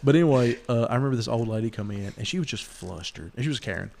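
A man's voice: mid-range voice, expressive, very fast, vocal fry, a little mellow. A man hosting a podcast, rambling through stories and mimicking the people in them. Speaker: podcast host. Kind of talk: casual storytelling chat.

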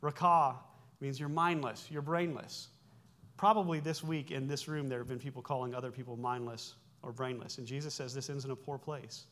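A man's voice: medium pitch, fairly even intonation, moderate pace, fairly bright tone. A man in his forties preaching a sermon, explaining Greek words in a conversational way, with self-corrections and wry asides. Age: 40s. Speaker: pastor.

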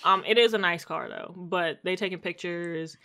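A woman's voice: fairly low pitch, normal speed. A woman co-hosting a podcast, casually recapping a TV episode and acting out the characters' lines. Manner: animated storytelling, acts out quotes. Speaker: podcast co-host.

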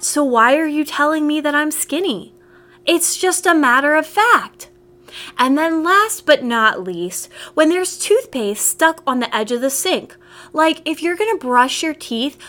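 A woman's voice: fairly high pitch, a bit bright. A young woman hosting a casual solo podcast, ranting in a sassy, exasperated way with plenty of rhetorical questions. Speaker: podcast host.

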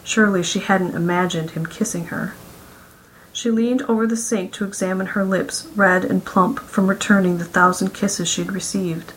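A woman reads a romance story aloud in a steady, mid-pitched voice. Her storytelling is smooth and even, the sound of scripted audiobook narration. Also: normal speed, slight background noise, rough recording.

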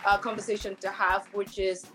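A woman's voice: mid-range voice, flat delivery, normal speed, background noise. A woman co-hosting a talk show, telling stories in a chatty way and laughing often. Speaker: co-host. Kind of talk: casual chat.

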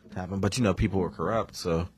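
A man's voice: sits low, steady tone, fast talker, background noise. A man hosting a casual podcast chat, blunt and joking.

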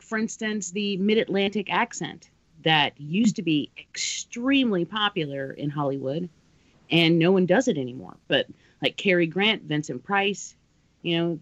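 A man's voice: fairly high pitch, moderate pace, fairly bright tone, no echo. Man explaining things in a dry, muffled recording. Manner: explanatory, knowledgeable about voice training. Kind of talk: casual chat. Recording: dry, dull lo-fi sound.

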